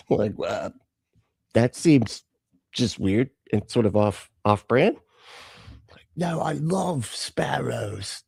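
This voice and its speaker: A man's voice: mid-range voice, a little mellow, dry recording, clean studio sound. A man hosting a casual live stream, chatting and laughing with viewers as he reacts to videos. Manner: chatty, greets chat viewers, laughs often. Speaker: livestream host reacting to videos.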